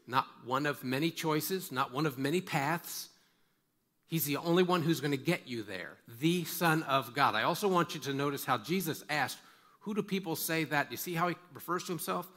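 A man's voice: fairly high pitch, moderate pace, fairly bright tone. A male pastor preaching a sermon in an emphatic way, repeating words for stress and putting questions straight to his listeners. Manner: asks listeners direct questions.

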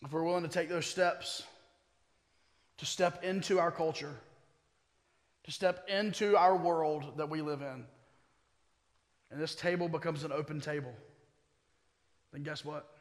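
A man with a high, light voice preaches to his congregation. He moves between easy, joking asides and rising, emphatic calls, and his words ring out with a long echo in a church sanctuary. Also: fairly even intonation, a little slow, long pauses. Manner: preaching that builds to forceful emphasis; conversational asides with humor. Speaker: pastor. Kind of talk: sermon.

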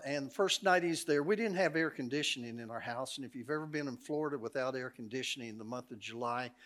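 Guest-preaching in a church sanctuary, a middle-aged man delivers a sermon built on folksy stories, joking and laughing often. His voice is mid-range and a bit bright.

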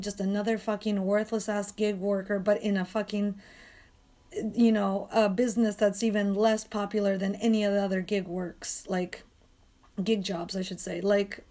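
A woman rants in a hoarse, sandpapery voice, swearing constantly as she vents. Her talk is exasperated and restless, with sudden flare-ups into loud, sharp complaint. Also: mid-range voice. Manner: profane, ranting, exasperated. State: hoarse, strained voice. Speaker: dog walker and coach. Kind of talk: angry venting monologue.

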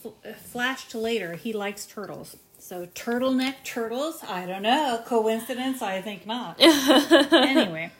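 A young woman co-hosting a casual recap podcast from her kitchen, chatting with wry jokes and quick asides. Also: on the high side, lively intonation, fairly bright tone, a little hiss or hum. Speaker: podcast co-host. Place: home kitchen while cooking.

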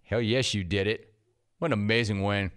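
A man's voice: fairly low pitch, steady tone, normal speed, a bit bright, clean tone. A man hosting a sports radio show, brash and punchy, repeating short phrases for effect. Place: radio studio.

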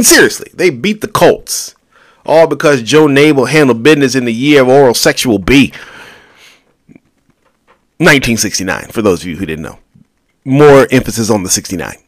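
A man's voice: medium pitch, lively intonation, moderate pace, long pauses, no room sound, clean studio sound. A man hosting a solo podcast, rambling casually with crude jokes and asides to himself. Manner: rambling, jokey, crude asides, talks to himself while scrolling. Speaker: podcast host.

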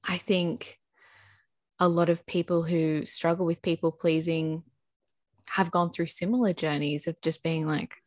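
A young adult woman co-hosting a podcast, speaking reflectively in casual chat, often pausing to find her words. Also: lowish voice, little pitch movement, no echo. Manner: reflective, searching for words, laughs softly. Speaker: podcast co-host.

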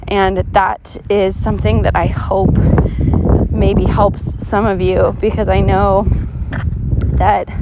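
A woman's voice: medium pitch, heavy background noise. Woman podcaster, casual chat, mid-range voice, earnest, encouraging, lots of fillers and restarts. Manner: chatty, many "like" fillers and restarts. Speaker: podcast host. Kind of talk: casual motivational podcast talk.

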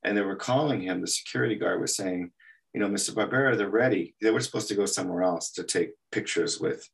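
A man's voice: low-pitched, fast, gravelly, recorded from a distance. A man from El Paso, an animation artist, telling stories in an interview and acting out the quotes. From El Paso, Texas. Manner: animated storyteller, acts out quotes. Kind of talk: anecdotal storytelling.

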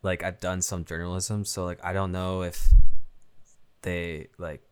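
A man with a very deep voice talks casually in a smooth, resonant tone. He speaks hesitantly and uses many fillers and restarts. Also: little pitch movement, measured pace. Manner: hesitant, filler-heavy talk. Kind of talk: casual chat.

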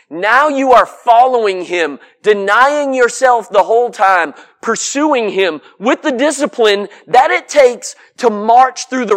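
Guy preaching a sermon, pretty high voice, folksy and direct, keeps stacking up lists. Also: fairly bright tone. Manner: emphatic, with rhetorical questions and repeated lists.

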